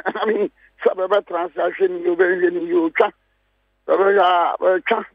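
A husky, slightly higher-voiced man with a Ghanaian accent argues his case on a radio panel, hammering home key phrases. The sound is dry and a bit muffled, like a close studio mic. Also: steady tone, a little slow, no room sound. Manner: emphatic, repeats key phrases. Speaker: political guest. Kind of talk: heated radio panel talk.

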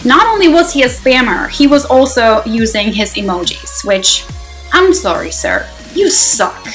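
A woman giving live commentary on her own mobile game, excitable and talking to herself, swinging from loud exclamations to quiet muttering. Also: fairly high pitch, normal speed, rough recording. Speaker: mobile game player and channel host. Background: faint background music.

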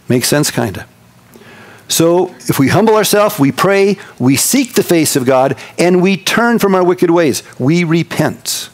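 A man preaching a sermon as pastor, folksy and animated, swinging from quick loud bursts to slow quiet emphasis. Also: medium pitch.

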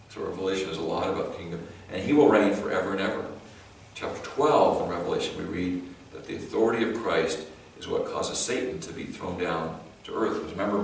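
A low, gravelly-voiced man with a Californian accent delivers a conversational sermon as a pastor, often restarting mid-thought and slipping in light jokes. He sounds far from the microphone, his voice ringing through a very echoey church sanctuary over faint background noise.

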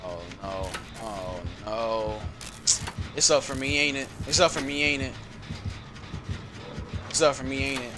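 A man giving casual live commentary over his own gameplay, excitable and easily frustrated, repeating phrases and using slang. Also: mid-range voice, a little slow, pauses often, over music. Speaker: gaming YouTuber.

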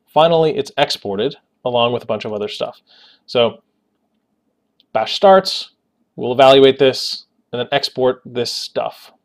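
Man, tutorial host, casual screencast narration, explanatory, mid-pitched voice. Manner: casual, explanatory, joking asides.

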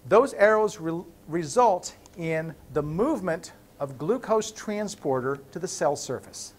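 A man lecturing in a classroom as a university professor, playful and animated, breaking up the lesson with jokes. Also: a little high, unhurried.

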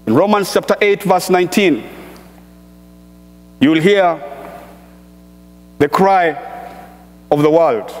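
A man with a strikingly high voice preaches a sermon, reading scripture and working up to emphatic shouts. He speaks slowly, lingering over each phrase. His voice rings through a church hall with a long, lingering reverb. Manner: emphatic, builds to shouted exhortations.

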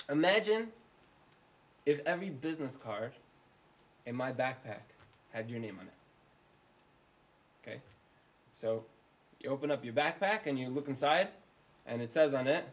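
Animated rabbi telling a story. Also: male voice, medium pitch. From United States. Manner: animated storyteller, acts out dialogue. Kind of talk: storytelling lecture.

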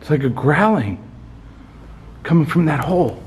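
A man's voice: on the high side, lively intonation, normal speed, a little mellow. A man filming himself alone in an empty house at night, nervous and breathless, swearing and calling out to spirits. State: sweating and dizzy. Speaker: paranormal investigator vlogger. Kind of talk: alone ghost-hunting vlog.

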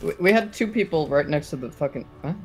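A man's voice: on the high side, lively intonation, fast talker, gravelly, faint music behind. Laid-back amused gamer guy. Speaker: gaming teammate. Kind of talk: casual gameplay chat.

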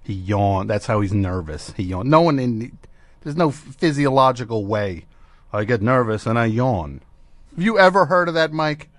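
A man's voice: medium pitch, expressive, moderate pace, dry recording. A male radio host riffs on a clip in a sarcastic, mocking way, often breaking into laughter. His voice swoops around animatedly, and the studio recording sounds close and dry. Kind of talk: comedic radio commentary.

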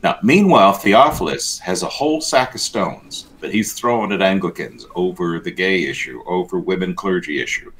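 A deep-voiced man riffing on church news with a wry, blunt edge. His pitch swings widely as he gets worked up, then drops low and heavy. The talk is loose, unscripted banter with a co-host. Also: moderate pace, hardly any pauses, a little hiss or hum. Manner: blunt, sardonic, animated commentary.

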